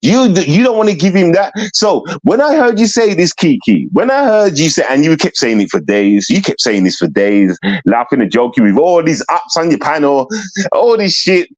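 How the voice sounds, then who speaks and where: A man's voice: on the high side, sing-song, normal speed. A man ranting bluntly and confrontationally into the camera, repeating himself for emphasis. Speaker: vlogger. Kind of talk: ranting commentary.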